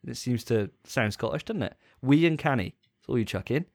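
Lively-pitched man bantering jokily. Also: brisk, gravelly, breathy edge. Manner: self-mocking, jokey storytelling. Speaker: podcast co-host. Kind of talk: casual chat.

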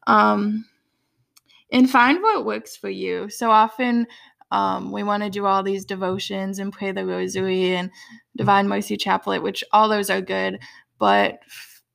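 A young woman co-hosting a faith podcast, giving relaxed, practical advice on starting to pray. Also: mid-range voice, unhurried, creaky. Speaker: podcast co-host. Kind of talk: casual faith chat.

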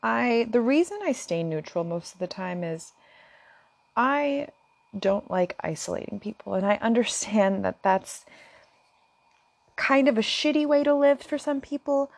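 A woman's voice: on the high side, lively intonation, measured pace, gravelly, no echo. Earnest woman vlogging, dry close sound. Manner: earnest, impassioned, sometimes near tears. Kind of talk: emotional direct-to-camera talk.

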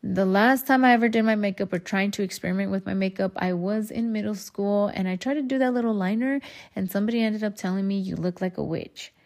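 A woman's voice: medium pitch, steady tone, fast talker, a little mellow. Woman podcast host, solo monologue, candid and rambling, heavy casual swearing. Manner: addresses listeners as y'all.

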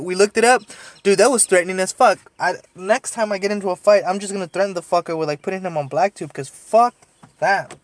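A man's voice: high voice, fairly quick, dry recording. A young man telling a long story in casual, rambling chat, full of fillers, swearing and laughs. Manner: rambling, filler-heavy, profane, laughs often. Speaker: podcast storyteller.

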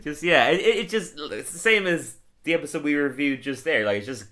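A man's voice: a little high, animated, a little fast, sharp tone. A young man co-hosting a casual podcast, enthusiastically recapping an episode, rambling and laughing often. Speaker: podcast co-host. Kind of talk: casual chat reviewing a cartoon episode.

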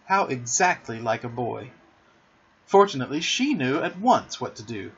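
Husky man reading a storybook aloud. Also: medium pitch, normal speed, highs cut off. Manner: expressive, dramatic storytelling. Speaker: narrator.

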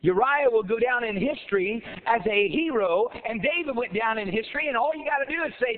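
A man pastor preaching a sermon, emphatic, with rhetorical questions and shouted, repeated lines. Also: very high voice, very animated, fast talker, few pauses. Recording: tinny phone-like sound.

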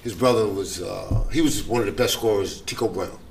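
A man, a guest in a casual interview, telling a story in an animated way and acting out the voices of other people. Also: brisk, gravelly, a little hiss or hum. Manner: animated storyteller, acts out quoted voices with big pitch jumps. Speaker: guest, former basketball player.

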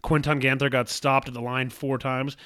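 A man co-hosting a sports podcast, chatting casually and telling stories excitably. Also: mid-range voice, moderate pace, no room sound, clean studio sound. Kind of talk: casual chat.

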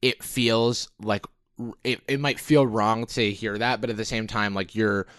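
A man's voice: fairly low pitch, steady tone, unhurried, fairly bright tone, clean tone, no room sound, studio quality. A young adult man co-hosting a podcast in casual chat, thoughtful and full of likes and affirmations. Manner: reflective, filler-heavy, affirming. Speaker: podcast co-host.

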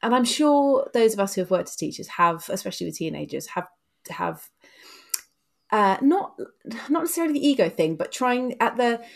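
A woman, co-hosting a podcast as a teacher, chatting in a reflective, animated way. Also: fairly high pitch, moderate pace, creaky. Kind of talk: casual discussion.

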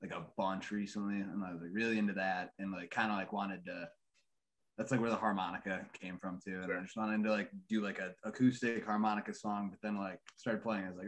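A man from a band explaining how he writes songs, halting and relaxed, full of filler words. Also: deep voice, slight background noise. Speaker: band member, songwriter. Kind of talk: casual interview chat.

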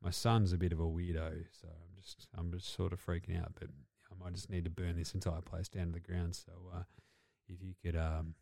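A man putting on the voice of a scheming old male football coach, muttering deadpan and full of ums. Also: sits low, fairly quick, gravelly, no echo, clean studio sound, pitched below the performer's own voice.

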